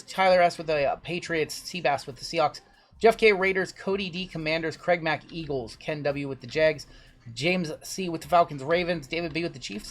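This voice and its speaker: A man with a fairly high, slightly bright voice hosts a live card-break stream, chatting casually as he rattles off long lists of names and teams and answers chat.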